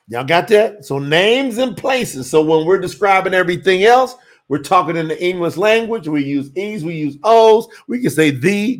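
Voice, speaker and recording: Animated man teaching scripture on a livestream. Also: a little high. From USA. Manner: animated, drawn-out emphasis, addresses chat as y'all. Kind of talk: casual livestream teaching with chat.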